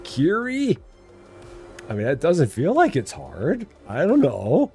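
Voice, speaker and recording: A man's voice: on the high side, huge pitch swings, moderate pace, mellow. Guy streaming a farm game, bouncy up-and-down voice, joking with chat, bit of music behind. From Illinois. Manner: playful, chatty, answers chat. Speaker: live-stream gamer host. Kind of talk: casual live-stream chat.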